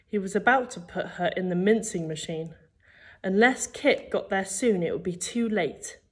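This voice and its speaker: A woman's voice: medium pitch, normal speed, husky. A woman teacher reading a children's book aloud, telling the story expressively. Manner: expressive storytelling, acting out the characters. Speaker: primary school teacher.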